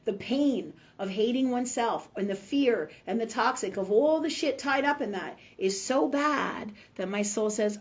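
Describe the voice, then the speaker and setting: A woman's voice: on the high side, a little slow, hardly any pauses, breathy edge. A woman in her fifties, feeling unwell, hosting a spiritual livestream in a blunt, profane, emphatic way, often asking "right?". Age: 50s. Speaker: spiritual talk host. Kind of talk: casual livestream talk. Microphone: webcam or phone mic. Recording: dull, slightly lo-fi livestream audio.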